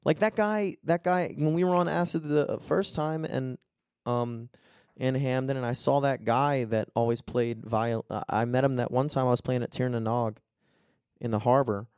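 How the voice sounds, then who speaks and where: A young man, chatting casually as a podcast co-host and telling stories in a profane, animated way. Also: mid-range voice, normal speed, smooth, no echo, clean studio sound. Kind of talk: casual chat.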